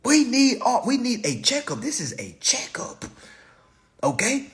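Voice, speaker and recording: High, animated man ranting on stream. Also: unhurried. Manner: animated, profane, preachy, fires rhetorical questions. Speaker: online personal finance commentator. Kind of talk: live-stream rant to viewers.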